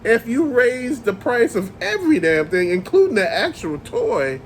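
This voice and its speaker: A man's voice: very high-pitched, sing-song, normal speed, slight background noise. A man hosting a toy channel, ranting in a casual, profane, exasperated way. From Chicago area. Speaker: host of a toy rant channel.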